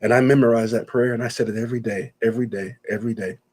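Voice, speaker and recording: A man's voice: medium pitch, steady tone, rapid-fire, darkish tone, husky. A man as a guest, telling an emotional personal story and retelling conversations in quoted speech, choked up at times.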